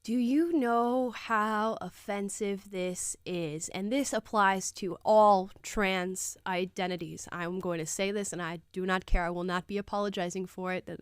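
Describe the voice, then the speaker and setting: A woman's voice: medium pitch, sharp tone, clean tone, no room sound, clean studio sound. Emphatic woman giving opinionated commentary. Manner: emphatic, incredulous. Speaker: host reacting to a debate clip.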